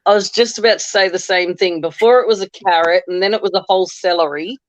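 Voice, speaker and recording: A woman's voice: fairly low pitch, fairly even intonation, fast, no room sound. An Australian woman chatting as a guest over a video call, friendly and laughing easily. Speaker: guest on a live stream. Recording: dull lo-fi video call audio.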